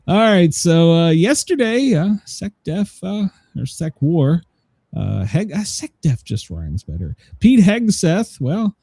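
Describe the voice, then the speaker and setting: Lively, rambling male show host. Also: fairly high pitch, takes it slowly, slightly rough, dry recording. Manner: rambling, many fillers, laughs at own jokes. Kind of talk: casual news commentary chat.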